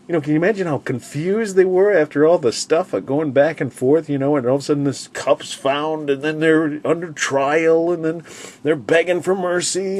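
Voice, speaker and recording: A man's voice: medium pitch, moderate pace, darkish tone, slight background noise. A man sharing casual, rambling thoughts on a Bible chapter, filling with "you know" and acting out the quoted lines with sudden bursts. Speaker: Bible study speaker.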